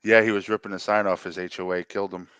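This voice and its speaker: A man's voice: low voice, little pitch movement, fast talker, fairly bright tone, smooth, no room sound, dull audio. A man co-hosting a casual sports podcast, arguing his point and repeating it insistently. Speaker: podcast co-host.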